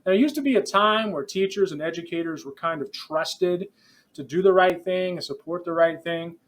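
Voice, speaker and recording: Conversational professor lecturing by podcast. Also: male voice, high voice, a bit bright. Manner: conversational, digressive, speaks directly to students. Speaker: professor teaching future principals.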